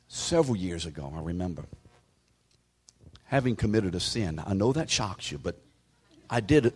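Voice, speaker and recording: Low, husky-voiced male preacher. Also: big pitch swings, unhurried, long pauses, darkish tone. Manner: conversational, calls out listeners by name. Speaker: pastor. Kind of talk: sermon.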